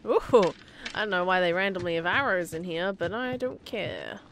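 A woman's voice: fairly low pitch, big pitch swings, moderate pace, a little hiss or hum. A woman giving casual let's-play commentary, chatty and giggly, talking to the game characters as she plays. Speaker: gameplay commentator.

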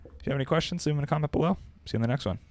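A young man giving an upbeat, conversational product review to camera from his home desk, speaking close into a desk mic on a boom arm. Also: rapid-fire, slight background noise. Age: young adult. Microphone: dynamic desk mic on a boom arm, close.

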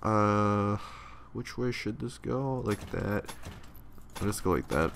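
Low gravelly young man grumbling over gameplay. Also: takes it slowly, a bit bright, slight background noise. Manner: profane, grumbling, sarcastic. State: yawning, tired. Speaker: let's play commentator. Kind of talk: casual gameplay commentary.

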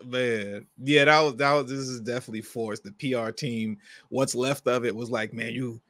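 Male co-host, mid-pitched, casual and disbelieving, dry sound. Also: steady tone, normal speed, fairly bright tone, no room sound. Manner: incredulous, laughing, slangy questions. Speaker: podcast co-host. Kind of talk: casual podcast chat.

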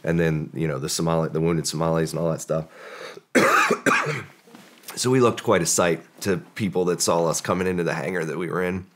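A man's voice: sits low, normal speed, a bit bright. A man, a former special forces operator, telling a long story in a casual podcast interview, rambling with many fillers and acting out the dialogue.

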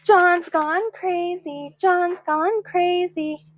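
A woman voicing a mean, sly schoolboy bully who yells and sneers. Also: high-pitched, big pitch swings, a little fast, no room sound, muffled recording, soft background music, voice pushed up. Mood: sneering. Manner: yelling, sneering, demanding.

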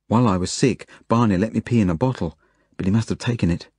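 Low, husky man narrating an audiobook. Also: quick pace, a little mellow, no room sound, clean studio sound. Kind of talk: scripted first-person narration.

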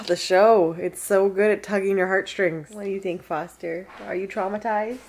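A woman's voice: medium pitch, fairly even intonation, a little slow, slight background noise. A woman in her thirties chatting casually at home for her weekly vlog, laughing often and talking to her dogs. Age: 30s. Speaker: vlogger. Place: at home indoors.

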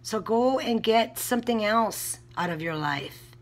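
Woman vlogger, blunt heated rant with lots of swearing; slow, deliberate delivery. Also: on the high side, expressive. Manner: blunt, heated, frequent cursing. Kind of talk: casual vlog rant.

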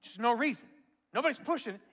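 The man preaching here has a very high voice and speaks fast. As pastor in a large church auditorium, he tells animated stories, acts out the quotes, and laughs frequently.

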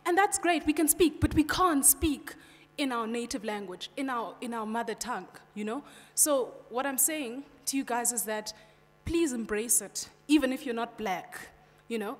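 A woman's voice: high voice, lively intonation, normal speed, hardly any pauses. A young woman from South Africa with a British-sounding South African English accent, giving a passionate conference speech in a direct way, often saying "you know". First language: Xhosa. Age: young adult. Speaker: student speaker. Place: large hall. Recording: long hall reverb.

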